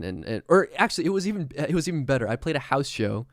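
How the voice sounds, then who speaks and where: A man who is a musician, telling stories on a podcast, animated and swearing, often acting out what people said. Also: medium pitch, fast talker, dry recording, clean studio sound. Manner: animated, swearing, acts out quotes. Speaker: musician guest. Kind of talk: casual podcast storytelling. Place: studio.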